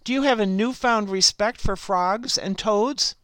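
A woman host reads a fable aloud at an unhurried, deliberate pace. Her voice is smooth and clear. The recording is dry and close, with no room sound. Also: medium pitch, a bit bright, dry recording. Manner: slow, unhurried read-aloud delivery. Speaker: program host and storyteller. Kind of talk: scripted story narration.

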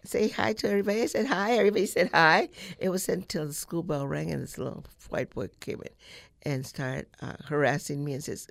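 Give me a woman in her eighties from California, reflective and halting, recalling her childhood as a radio guest. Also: low-pitched, fairly even intonation, vocal fry, no room sound. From California, United States. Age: 80s. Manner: storytelling, reflective, halting with fillers. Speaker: guest, civil rights activist. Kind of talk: recounting childhood memories in a radio interview.

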